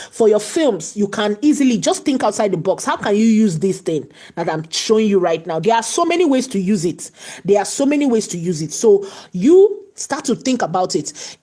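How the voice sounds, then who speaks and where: A woman teaches a live online class in a chatty, repetitive way. She leans on fillers and often asks whether her viewers understand. Her voice sits at a middle pitch. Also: mellow, slightly rough. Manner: chatty, repeats herself, fillers like "you know". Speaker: tutor hosting a live class. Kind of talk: live tutorial.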